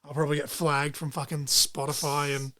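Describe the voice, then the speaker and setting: A young man co-hosting a casual podcast, talking in an excitable, rambling way and swearing freely. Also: fairly high pitch, fairly quick. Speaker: podcast co-host.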